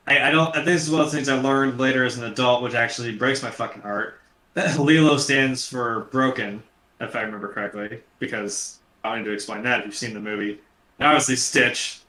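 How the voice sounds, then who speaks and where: Man, casual rambling talk, cursing, bright tone, roomy echo. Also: mid-range voice. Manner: rambling, profane, many restarts. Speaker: podcast co-host. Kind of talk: casual film discussion.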